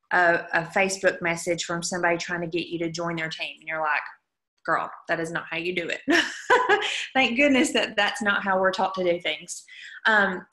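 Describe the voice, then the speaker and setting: A chatty woman coaches her sales team over a video call, talking at a middle pitch and turning to her listeners often. Her voice carries a roomy echo from the call audio. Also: fairly bright tone. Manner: chatty and upbeat, with frequent asides to listeners. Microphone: video call microphone.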